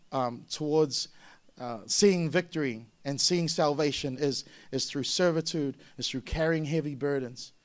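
A middle-aged man from Samoa preaching a sermon in an animated way, acting out voices in sudden loud bursts. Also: fairly high pitch. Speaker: pastor.

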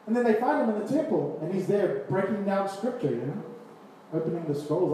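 Male preacher, high, mellow voice, animated sermon, distant mic in an echoey hall. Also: normal speed, slight background noise. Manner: animated, acts out scripture scenes with voices and laughs.

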